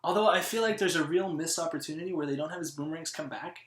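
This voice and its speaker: A man's voice: on the high side, quick pace, a bit bright, slight background noise. A man co-hosting a movie review show, talking in a casual, rambling way and laughing often. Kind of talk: casual podcast chat. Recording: echoey room.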